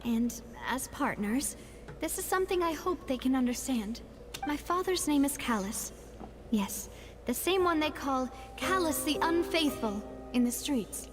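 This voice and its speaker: A woman's voice: sits high, expressive, unhurried. An actress voicing a poised, gracious young woman who leads a group in a video game. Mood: somber. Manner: gracious, polite, composed. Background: game music.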